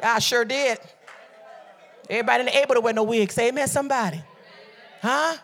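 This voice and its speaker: A woman from Detroit preaching a sermon with call-and-response, swinging from soft teaching to shouted exhortation. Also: on the high side, fairly quick, slight background noise. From Detroit, USA. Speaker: preacher and beauty coach. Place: church service.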